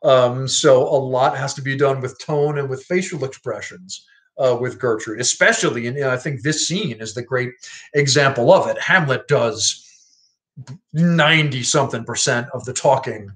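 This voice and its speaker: Casting note: a man with a middle-pitched voice, wry and halting, chatting through a scene. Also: fairly bright tone. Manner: halting, full of "uh" and restarts, wry. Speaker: literature explainer. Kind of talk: casual explanatory commentary.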